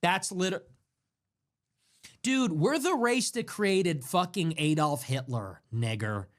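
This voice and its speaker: A man's voice: high-pitched, expressive, slow pace. Mocking, sarcastic young man ranting. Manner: mocking, sarcastic, mimics others in whiny voices. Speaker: livestream political commentator. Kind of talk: ranting livestream monologue.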